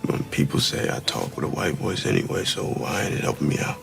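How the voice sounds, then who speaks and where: An actor playing a blunt, skeptical young telemarketer, heard in a film clip over music. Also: male voice, a bass voice, sing-song, fairly quick, creaky, full character voice.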